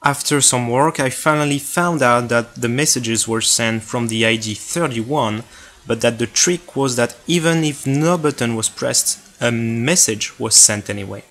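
A man's voice: medium pitch, measured pace, fairly bright tone. A man with a French accent narrating a step-by-step tutorial on his own hobby electronics project, in a plain explanatory way.

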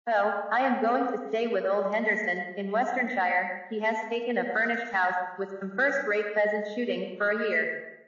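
Casting: a man doing a flippant young captain for a storybook, high and bright, heard distant. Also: moderate pace. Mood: breezy. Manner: breezy, offhand. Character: jaunty young army captain, carefree and flippant. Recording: echoey, distant, dull-sounding recording.

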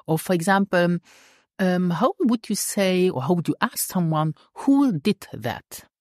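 A woman teaching a language lesson in a patient, deliberate way, often checking in with the listener. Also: lowish voice, animated, a little mellow, no room sound, clean studio sound. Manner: patient, slow and deliberate, checks in with "hmm?" and "okay?".

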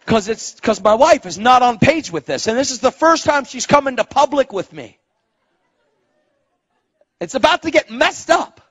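A middle-aged man preaching a sermon as a story, animated, dropping to a hush and rising to shouts. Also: very high voice, normal speed, pauses often, breathy edge, lo-fi sound, a faint crowd. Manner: animated, swings from hushed to shouting.

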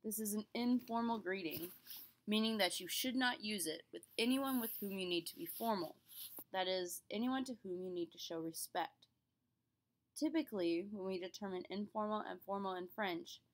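A young woman teaches a class in a clear, patient voice. She explains each point step by step and speaks the examples aloud for her students. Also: mid-range voice. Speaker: French teacher. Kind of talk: classroom lesson.

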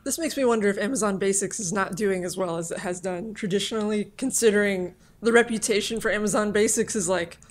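A woman with a mid-pitched voice co-hosts a casual tech news show. She chimes in with amused, wry remarks. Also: quick pace, few pauses. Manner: amused, wry comments, often laughing. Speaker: co-host.

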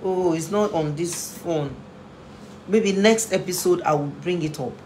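A woman's voice: fairly low pitch, measured pace, a little mellow, slight background noise. Earnest woman giving an impassioned talk. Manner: earnest, repeats phrases for emphasis; emotional, pleading. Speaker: family therapist and inspirational speaker.

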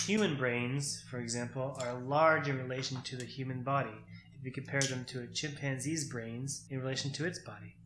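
A man co-hosting a casual chat over a card game, explaining things at length with nerdy excitement. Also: mid-range voice, roomy sound, noisy background. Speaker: podcast co-host.

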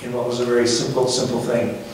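A middle-aged man giving his father's eulogy at a funeral, speaking in a halting, reflective way with gentle humor. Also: mid-range voice, completely flat delivery. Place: funeral chapel. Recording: very echoey hall from far off, faint noise.

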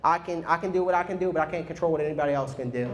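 A man delivers a sermon with energy and a conversational feel, frequently calling the congregation "man." His voice sits a little high and he talks very fast.

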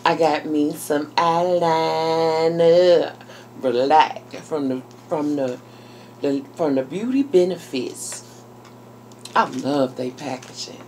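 A YouTuber with a deep, darkish voice speaks slowly in a casual unboxing vlog, the poor audio carrying a faint hiss or hum. She addresses her viewers directly as "y'all" and "girl," effusive and exclamatory, gushing with delight over each item she opens.

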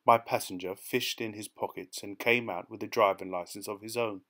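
A man reading a short story aloud as audiobook narration, in a measured, even manner. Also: on the low side. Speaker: audiobook reader. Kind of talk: scripted narration.

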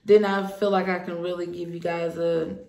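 A woman's voice: on the low side, little pitch movement, normal speed, warm tone. A young woman talking casually to her viewers in an earnest, personal and hopeful way. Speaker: vlogger. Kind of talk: casual talk to camera. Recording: echoey room.

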